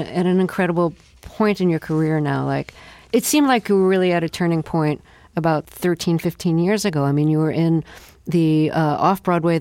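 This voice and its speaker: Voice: medium pitch, darkish tone, no echo. An interviewer asking a guest curious questions and recapping his career. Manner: curious, lays out career background.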